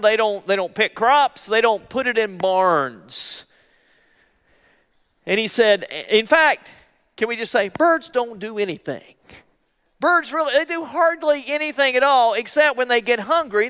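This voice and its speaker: A male pastor preaching a sermon in an emphatic way, repeating key phrases slowly for weight. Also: very high-pitched, sharp tone, clean tone, in a large hall. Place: church.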